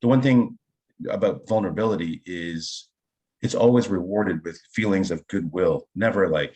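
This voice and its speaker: A man's voice: sits low, moderate pace, a little mellow. A middle-aged man, an improv teacher, explaining his ideas with enthusiasm through personal anecdotes and frequent "right?" check-ins. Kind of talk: conversational interview storytelling.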